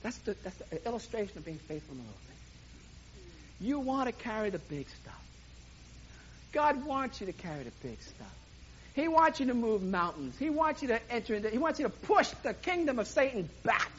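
A man preaching a sermon, telling a humorous personal story in a lively way and voicing sound effects himself. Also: sits high, lo-fi sound, a little hiss or hum.

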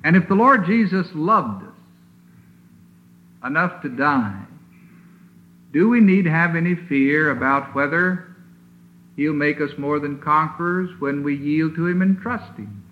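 A man preaching a sermon in an emphatic, deliberate way, leaning hard on single words, heard on a lo-fi old recording from a chapel. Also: fairly high pitch, expressive. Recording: tinny lo-fi old sermon recording with faint hiss.

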